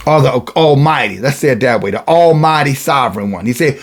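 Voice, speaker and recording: A man's voice: medium pitch, animated, brisk, few pauses. A man preaching a sermon, reading and explaining scripture with emphatic, sarcastic asides.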